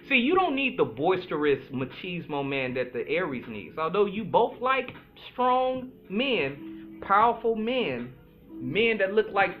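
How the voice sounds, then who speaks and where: Guy doing a solo podcast, pretty high voice, bouncy delivery, tinny phone sound. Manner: animated, chatty, playful, drawls some words slowly. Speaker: podcast host, astrologer. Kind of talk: casual solo talk.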